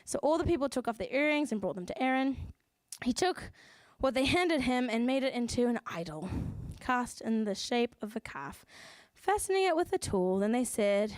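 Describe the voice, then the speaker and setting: A woman with a New Zealand accent delivers a church sermon, telling the story with lively asides and acting out the characters' voices. Her voice sits high, and the sound is dry and close. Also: normal speed, dry recording. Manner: lively storytelling, acts out voices of the people and God. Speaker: preacher.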